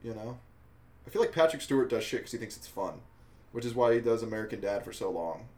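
A man from Colorado, hosting a podcast in casual chat, telling animated stories and laughing often. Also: lowish voice, fast. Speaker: podcast host.

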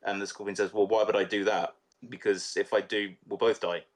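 A man's voice: lowish voice, flat delivery, fairly quick. A man co-hosting a casual film podcast, retelling a fable in a loose, sweary way with repeated words. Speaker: podcast co-host.

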